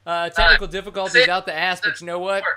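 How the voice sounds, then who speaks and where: A man's voice: high voice, steady tone, fast, crowd noise. A man hosting a casual podcast, brash and joking with crude humor. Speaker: podcast host. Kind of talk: casual chat.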